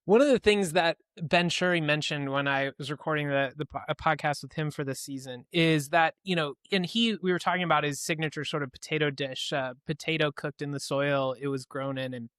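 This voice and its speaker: A man's voice: a little high, fairly quick, hardly any pauses, fairly bright tone, clear, resonant tone, no room sound, clean studio sound. A man hosting a podcast interview, asking long, conversational, rambling questions. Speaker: podcast host.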